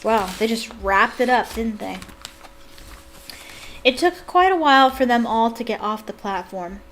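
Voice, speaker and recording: Reading casually from a novel she loves, this young woman keeps stopping to gush with excited comments. Her voice is a little high, a bit bright and animated, her pace a little slow, with slight background noise.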